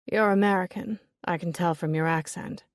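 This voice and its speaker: A woman's voice: lowish voice, fairly even intonation, moderate pace, dry recording, clean studio sound, lightly acted. A woman voicing a blunt, chain-smoking shop owner. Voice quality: raspy smoker's voice. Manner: blunt, offhand.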